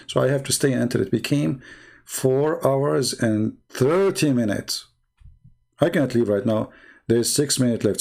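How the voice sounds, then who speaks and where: Gravelly guy on a live stream, sarcastic rambling, voice going a bit hoarse. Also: medium pitch, darkish tone. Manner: sarcastic, rambling, heavy non-native English. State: losing his voice. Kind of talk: mocking live-stream monologue.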